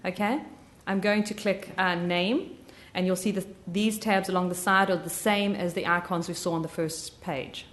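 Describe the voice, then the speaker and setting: A woman with a slight Southern US drawl giving a live software training, chatty and full of ums and self-corrections. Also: on the low side, steady tone, moderate pace, few pauses.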